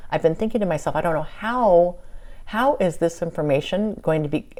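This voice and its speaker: Low-voiced woman recounting a channeling session. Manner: animated retelling with quoted dialogue. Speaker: channeler and vlogger. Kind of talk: casual storytelling monologue.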